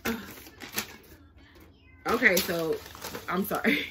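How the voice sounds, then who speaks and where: A young woman talks casually to her viewers in a vlog, her voice sitting at an ordinary middle pitch. She rambles and apologizes as she sorts through letters, breaking off now and then to coo at her baby. A faint noise stays underneath the recording. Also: slow, pushed and bright. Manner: chatty, apologetic, talking to the baby and the viewers while hunting for letters. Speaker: vlogger. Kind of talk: casual chat to camera.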